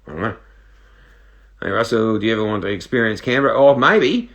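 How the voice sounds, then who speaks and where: Australian man, 30s, low voice, bright and forceful tone, casual live Q&A, joking. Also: animated, fairly quick. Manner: laid-back and joking, reads questions aloud and answers. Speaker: reality show contestant answering live viewer questions.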